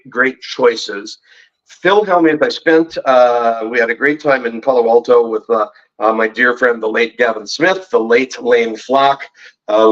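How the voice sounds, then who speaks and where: Heard on a lo-fi recording, a man with a medium-pitched, slightly bright voice guests on a podcast as a poker pro and betting expert. He tells long-winded, jokey anecdotes casually and keeps teasing the hosts.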